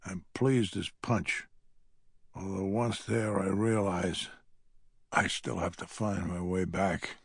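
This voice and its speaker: A man's voice: low voice, fairly even intonation, slow pace, slightly rough, no room sound, studio quality. A man narrating an audiobook in the first person, with a wry, grumbling manner.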